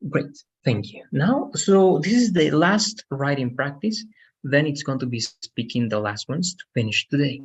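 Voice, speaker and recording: A man's voice: on the high side, expressive, unhurried, breathy edge, muffled recording. A man teaching an English lesson on a video call, explaining patiently and often checking with "right?". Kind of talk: online language lesson.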